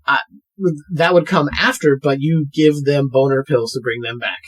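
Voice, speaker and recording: A man's voice: medium pitch, moderate pace, husky. A man hosting a podcast, chatting casually and rattling off plugs and promos. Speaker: podcast host.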